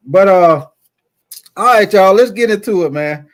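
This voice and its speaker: A man hosting a casual sports livestream, talking to his chat in a relaxed, chatty way. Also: high-pitched, unhurried. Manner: chatty, laid-back, speaks to the chat. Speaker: sports show host.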